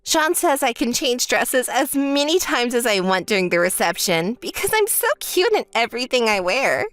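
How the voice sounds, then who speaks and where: In a texting-story voice-over, a woman plays a spoiled, self-centered young bride who bosses her sister around. Her fairly bright voice swings widely in pitch at a moderate pace with no room sound, sounding smug, whiny and bossy, and shrill when angry.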